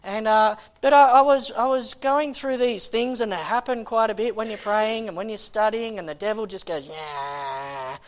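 Impassioned male preacher with halting restarts. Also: sits high. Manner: impassioned, conversational, with frequent restarts. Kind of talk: sermon.

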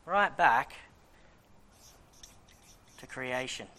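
A man preaching a Bible teaching sermon, reading scripture slowly and acting out the questions of his listeners in lively asides. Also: mid-range voice.

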